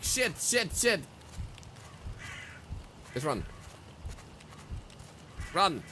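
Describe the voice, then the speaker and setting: Streamer, male, excitable game commentary, bright voice, on a streaming mic. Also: lowish voice, moderate pace, a little hiss or hum. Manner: excitable, swearing, jokey running commentary.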